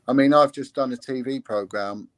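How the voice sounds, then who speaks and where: A man's voice: medium pitch, normal speed, no echo. A man, a former police investigator, talking earnestly in an interview with many restarts and fillers. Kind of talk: candid interview talk.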